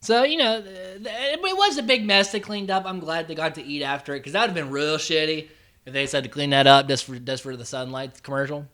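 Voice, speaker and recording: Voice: mid-range voice, fairly quick, fairly bright tone. A podcast host recapping a reality show in a rambling, chatty way, full of "like" and casual swearing.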